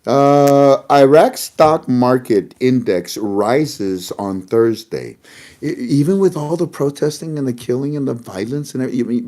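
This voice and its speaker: Chatty man with lively pitch. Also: measured pace. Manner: chatty, laughs often, talks to viewers as family. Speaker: host of an online news show. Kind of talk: casual commentary to viewers.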